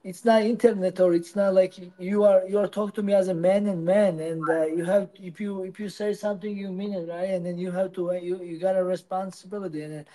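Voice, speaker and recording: Interviewee, man, English speaker, halting delivery, high and mellow. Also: steady tone, low-quality recording. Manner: halting, non-native English with many restarts. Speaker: interviewee, professional fighter. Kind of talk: casual interview answers.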